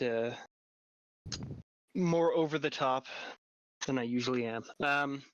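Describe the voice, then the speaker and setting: A man's voice: mid-range voice, fairly bright tone, highs cut off. A man with a sore throat narrating a tabletop game as dungeon master, talking casually with many fillers. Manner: casual, many fillers and restarts while describing scenes. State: getting over a cold, sore throat.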